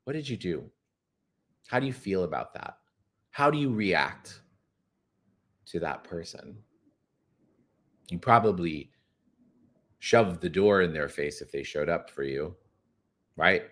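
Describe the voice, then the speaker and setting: A man leading listeners through a guided spiritual exercise, talking expressively and slowing down to stretch his key words. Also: sits low, lively intonation, fairly bright tone. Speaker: course guide.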